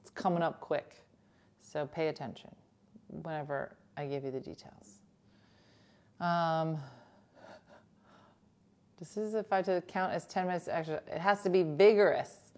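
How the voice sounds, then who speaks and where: A woman's voice: fairly low pitch, a little slow, long pauses, darkish tone. A woman hosting a talk show, chatting casually and joking with her co-hosts. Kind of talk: casual chat.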